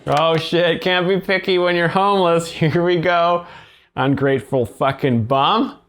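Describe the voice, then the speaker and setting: A man hosting a show, explaining stand-up jokes in a flat, mock-serious commentary style. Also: a little high, measured pace, slight background noise. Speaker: joke explainer host. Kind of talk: deadpan commentary.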